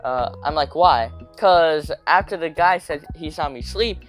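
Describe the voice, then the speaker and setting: A young man telling a rambling, slangy storytime rant, hopping into quick voices for quotes. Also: on the high side, faint music behind.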